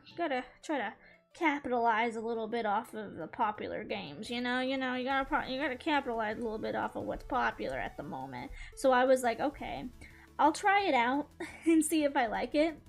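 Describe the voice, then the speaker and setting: A woman with a high voice chats casually as she draws on stream. She gushes like an excited fan, laughs often and swears freely, with faint music playing underneath. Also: fairly quick, gravelly. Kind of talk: casual chat while drawing.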